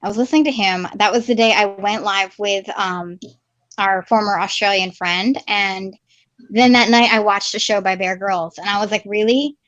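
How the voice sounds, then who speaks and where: A woman's voice: medium pitch, steady tone, moderate pace, fairly bright tone. A woman co-hosting a casual live stream, friendly and agreeable, reading viewers' chat comments aloud. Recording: slightly dull lo-fi stream audio.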